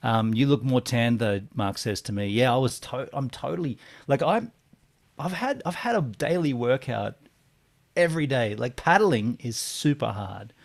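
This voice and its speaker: A man's voice: mid-range voice, lively intonation, gravelly. Chatty man in his forties. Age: 40s. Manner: chatty, reads out live comments, halting fillers. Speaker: podcast co-host. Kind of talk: casual live-stream chat.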